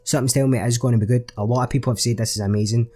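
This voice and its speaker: A man's voice: medium pitch, steady tone, rapid-fire, mellow. A man commentating on a horror game he is playing, sweary and jokey with jumpy reactions. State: recovering from a chest infection. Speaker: gaming channel host. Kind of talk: let's play commentary.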